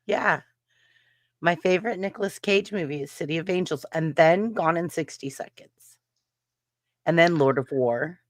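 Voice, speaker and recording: A woman with a low voice gushes eagerly in casual chat. Her sound is dry and close. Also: normal speed, long pauses, no room sound. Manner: gushing, enthusiastic.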